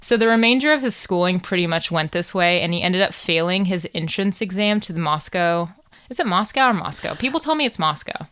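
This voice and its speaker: American woman, low smooth voice, irreverent true-crime podcast co-host. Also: lively intonation, a little fast, a bit bright. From United States. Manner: irreverent, swears and jokes while telling the case. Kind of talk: casual true crime chat.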